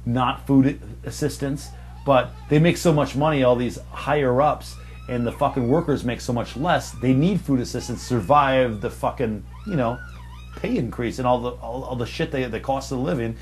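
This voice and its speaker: A young man hosts a loose, casual podcast chat, telling long, rambling stories in a profane, mocking way. His voice is at an ordinary middle pitch, a little mellow, at normal speed, with a faint hum under the recording.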